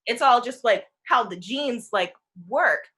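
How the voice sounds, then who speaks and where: A woman's voice: a little high, a little slow. A woman in her twenties on a talk panel, telling a personal story in a casual way and acting out the voices of the people in it. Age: 20s. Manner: animated, acts out quoted voices.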